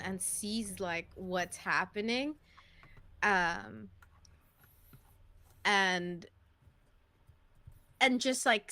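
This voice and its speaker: A woman playing a tabletop game speaks slowly and hesitantly, often restarting her sentences. Her voice is bright and clear. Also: medium pitch, no room sound. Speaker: player.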